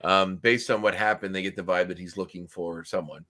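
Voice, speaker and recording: A man with a lowish voice co-hosting a podcast in casual chat. He recaps in a rambling way and uses many fillers. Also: fairly even intonation, fairly quick, sharp tone. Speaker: podcast co-host.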